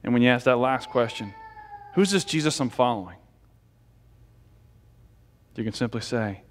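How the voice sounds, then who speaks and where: A man's voice: medium pitch, animated, moderate pace, long pauses, long reverb tail. A man giving a conversational sermon as pastor, asking the congregation questions and leading a closing prayer. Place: church sanctuary.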